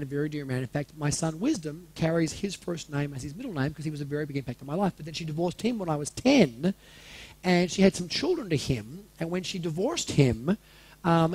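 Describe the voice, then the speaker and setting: An Australian man in his forties, with a fairly high, slightly mellow and breathy voice, tells a personal story to a live audience. He's candid and casual, swearing freely and throwing questions to the room.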